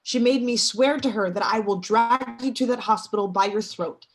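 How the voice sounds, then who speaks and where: A woman voicing a teenage girl in a play reading, speaking urgently and pleading for calm. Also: a little high, moderate pace, lightly acted.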